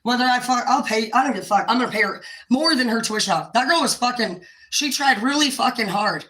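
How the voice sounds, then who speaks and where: A woman hosting a livestream, ranting to her viewers, swearing constantly and rambling, sometimes dropping to a low quiet tone. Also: animated, a little fast, echoey room, rough recording. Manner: profane, heated, swearing constantly. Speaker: livestream host talking to viewers. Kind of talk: unscripted livestream rant.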